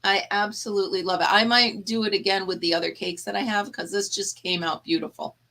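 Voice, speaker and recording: A woman's voice: mid-range voice, fairly even intonation, brisk, creaky, pushed and bright. A woman hosting a casual live chat, tired and yawning, chatty and laughing often as she talks to her viewers. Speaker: livestream host.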